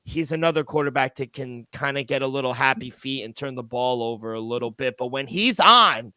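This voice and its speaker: Bright, emphatic podcast co-host man. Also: mid-range voice, brisk, dry recording. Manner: emphatic, swears freely. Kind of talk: sports betting podcast chat.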